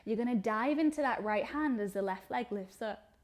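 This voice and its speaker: A young woman teaching a yoga class, giving calm step-by-step cues timed to the breath. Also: a little high. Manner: calm instructional cueing, slow breath-paced phrasing. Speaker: yoga instructor.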